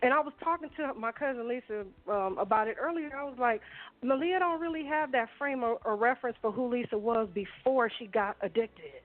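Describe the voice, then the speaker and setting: A woman tells family stories on a call-in show, and her voice comes through a thin, tinny phone line. It sits fairly high for a woman, and she acts out what her relatives said in animated bursts. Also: fairly quick. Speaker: guest. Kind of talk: call-in radio storytelling.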